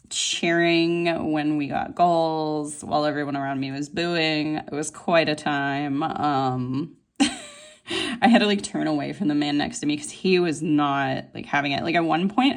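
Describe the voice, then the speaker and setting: Low-voiced, rambling woman vlogger. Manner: chatty and rambling, with many fillers and laughs; gushing, voice jumps high when excited. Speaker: planner vlogger. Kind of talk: casual chat while planning.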